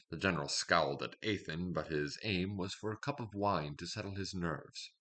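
A man in steady, measured scripted fiction narration. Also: low voice. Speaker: storyteller.

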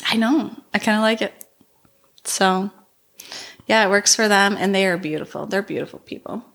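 A woman co-hosting a podcast, talking in a relaxed, casual way. She sounds animated and laughs often, like a lively storyteller. Her voice sits at a middle pitch. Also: moderate pace, creaky. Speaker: podcast co-host. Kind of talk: casual chat.

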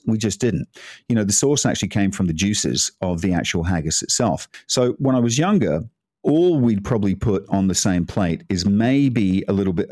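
A man's voice: lowish voice, a little mellow, no echo, clean studio sound. A man giving a casual, chatty cooking talk, rambling into asides and laughing as he goes. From Scotland. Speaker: cooking presenter.

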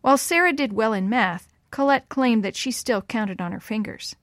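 A woman telling a story to children in a gentle, clear voice. Her delivery is unhurried and kind. The sound is close and dry, with no room echo. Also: on the high side. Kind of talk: reading a story aloud to children.

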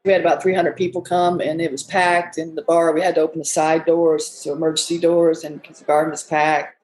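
A woman's voice: sits low, little pitch movement, brisk, darkish tone, low-quality recording. A woman who owns a bar, telling stories in a rambling, folksy way and often quoting people. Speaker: bar owner. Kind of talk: casual storytelling interview.

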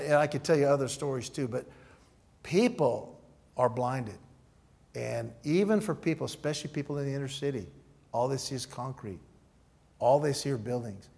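At an evening church meeting, a male pastor preaches a sermon in a mid-range voice with vocal fry and a slightly rough quality. An animated storyteller, he acts out dialogue and teaches through numbered points.

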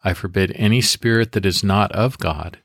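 A man hosting a devotional podcast, leading guided prayer and scripture meditation in a calm, measured, instructive way, recorded close to the mic. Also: sits low, dry recording.

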